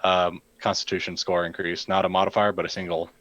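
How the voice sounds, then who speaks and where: Man, tabletop player, lowish voice, muffled lo-fi sound. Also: flat delivery, fairly quick, a bit bright, no room sound. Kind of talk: casual tabletop play.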